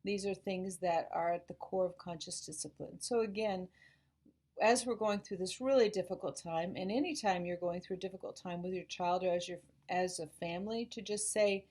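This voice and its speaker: A woman school psychologist calmly explaining parenting ideas to parents, modeling gentle phrases to say to children. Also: lowish voice, moderate pace. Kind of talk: informational talk to parents.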